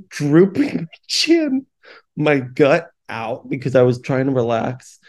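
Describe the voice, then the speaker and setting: A man's voice: on the high side, mellow. A young man hosting a podcast, telling a candid, self-deprecating story in casual talk, swearing freely and often laughing at himself. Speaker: podcast host.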